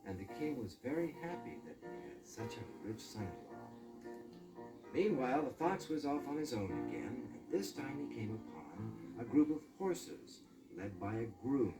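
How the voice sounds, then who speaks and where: 생기 있는 남자 이야기꾼. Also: male voice, medium pitch, sing-song, moderate pace, over music, poor audio. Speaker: storyteller. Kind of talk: casual storybook narration.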